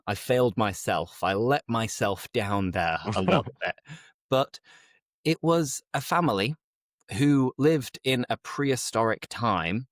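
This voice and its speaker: A man's voice: mid-range voice, dry recording, studio quality. A man co-hosting an English-learning podcast, chatting casually in a teacherly way and slipping in Spanish phrases. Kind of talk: casual chat.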